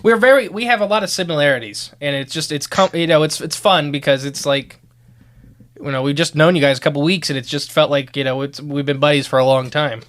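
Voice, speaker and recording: A man's voice: on the high side, a little fast, fairly bright tone. A man hosting a podcast in casual chat, rambling and laughing often. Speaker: podcast host.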